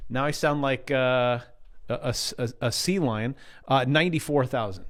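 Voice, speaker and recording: A man's voice: mid-range voice, normal speed. A middle-aged man in a casual vlog, ranting sarcastically and mimicking doubters while walking through trading charts. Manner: sarcastic, jumpy, mocking voices of doubters. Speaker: crypto trading vlogger. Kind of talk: casual rant and chart walkthrough.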